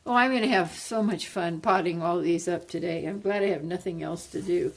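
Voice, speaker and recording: Slow gravelly-voiced woman gushing over plants. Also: fairly low pitch. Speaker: plant vlogger. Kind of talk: casual unboxing chat.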